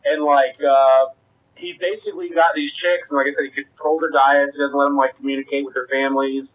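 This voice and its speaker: A man's voice: medium pitch, little pitch movement, a little fast, phone-quality sound. A man rambling crude stories in a casual chat.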